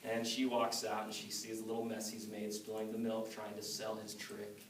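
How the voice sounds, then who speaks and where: A man telling a folk tale aloud in an animated way, with spoken sound effects, recorded from a distance in a roomy space. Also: on the low side, normal speed, slight background noise. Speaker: storyteller. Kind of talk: oral storytelling.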